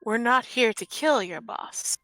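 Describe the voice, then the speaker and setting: A woman's voice: fairly high pitch, lively intonation, measured pace, music in the background. A woman player in a tabletop game, blunt and matter-of-fact.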